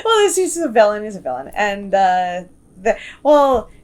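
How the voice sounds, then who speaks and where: A woman's voice: medium pitch, sing-song, moderate pace. A woman cartoonist guest chatting casually on a podcast, telling stories animatedly and laughing often. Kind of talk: casual chat.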